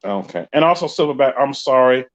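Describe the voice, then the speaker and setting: A man's voice: mid-range voice, lively intonation, fairly quick. Host: New York man, chatty and joking, reading comments live, dull lo-fi sound. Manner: chatty, joking, reads viewer comments aloud. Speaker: podcast host. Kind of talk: casual live-stream chat reading comments.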